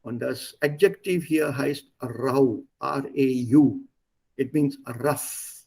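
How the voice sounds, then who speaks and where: Slow, gravelly-voiced male language teacher. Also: mid-range voice, a little mellow. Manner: reads a line, then translates and explains it. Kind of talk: explaining a text line by line.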